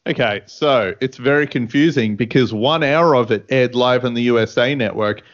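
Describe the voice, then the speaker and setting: A man's voice: mid-range voice, moderate pace, muffled recording. Laid-back man co-hosting a radio show. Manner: relaxed, laughs while talking. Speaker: co-host. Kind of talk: casual radio chat. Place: radio studio.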